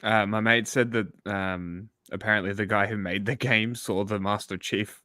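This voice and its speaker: A man co-hosting a livestream, chatting casually about politics in a profane, sarcastic and animated way, recorded on a close mic. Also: lowish voice, moderate pace, dry recording. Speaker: livestream co-host.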